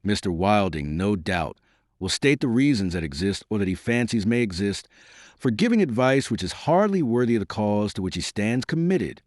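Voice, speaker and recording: A man's voice: on the low side, big pitch swings, normal speed, darkish tone, dry recording, clean studio sound. A man voicing a short-tempered male conspirator with a Scottish accent, curt and impatient.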